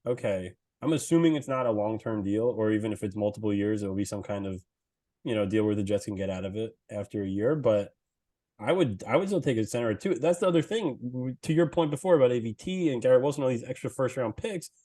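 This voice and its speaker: A young man co-hosting a sports podcast, excitable and swearing, laughing often as he talks. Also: mid-range voice, quick pace. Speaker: podcast co-host.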